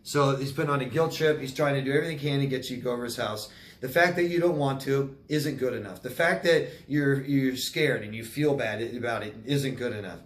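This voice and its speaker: A man's voice: mid-range voice, fairly quick. A man working as a life coach, answering viewer questions on video in a blunt, emphatic way, repeating his advice, with sympathetic sighs and exclamations.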